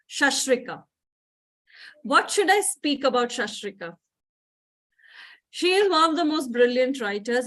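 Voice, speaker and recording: A woman's voice: on the high side, fairly bright tone. A woman hosting a student performance event, effusive and heaping praise on performers. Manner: effusive, piles on praise words. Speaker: event host. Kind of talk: introducing performers.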